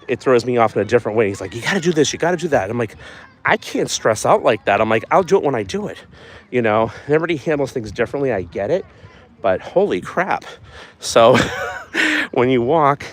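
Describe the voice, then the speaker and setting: A man hosting a wellness live stream, talking casually and encouragingly while walking outdoors at a track at night, recorded on a phone. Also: on the low side. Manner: rambling, folksy, encouraging. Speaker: wellness channel host.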